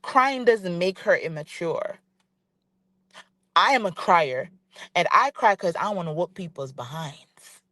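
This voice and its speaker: A woman's voice: lowish voice, lively intonation, measured pace, sharp tone, dry recording. A woman giving opinionated commentary on a vlog, ranting and speaking straight to the person she criticizes, repeating her points for emphasis. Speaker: reality TV commentator.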